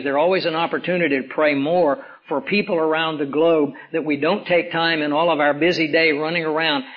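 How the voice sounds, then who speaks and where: Hoarse male preacher, lo-fi sound. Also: a little high. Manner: preaching with emphatic rises and slow dramatic drops. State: hoarse from swollen tonsils. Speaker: pastor. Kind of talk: sermon. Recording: dull lo-fi recording.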